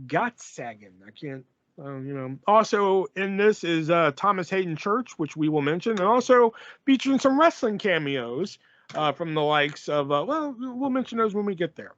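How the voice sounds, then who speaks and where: A man's voice: high voice, fairly bright tone, dry recording, highs cut off. A man hosting a podcast, chatting casually and swearing freely as he rambles through a sponsor read. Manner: rambling and profane, reads sponsor ads loosely. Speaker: podcast host. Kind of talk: casual chat.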